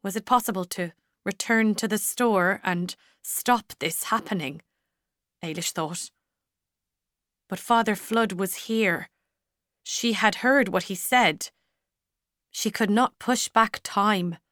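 A woman narrating a storybook in a measured, even manner, close to the mic. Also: mid-range voice, no echo. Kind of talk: scripted audiobook narration.

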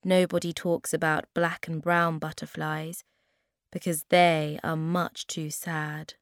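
Slow, gentle woman reading a storybook. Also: deep voice, flat delivery, smooth, no echo, clean studio sound. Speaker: storybook reader. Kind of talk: children's story read aloud.

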